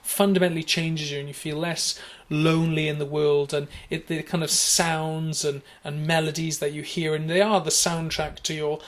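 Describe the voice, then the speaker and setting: A young man who co-hosts a podcast, telling a long anecdote in a rambling, animated way with lots of fillers. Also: a little high, moderate pace, few pauses. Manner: rambling, animated, laughing storyteller. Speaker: podcast co-host. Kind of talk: casual storytelling chat.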